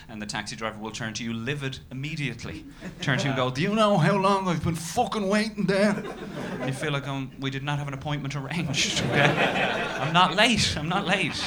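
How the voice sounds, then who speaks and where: Dry Irish stand-up comic, noisy recording. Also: male voice, lowish voice. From Ireland. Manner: dry, self-deprecating storytelling with sudden loud outbursts. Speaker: stand-up comedian. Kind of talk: stand-up comedy set. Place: comedy club stage. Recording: noisy live club recording.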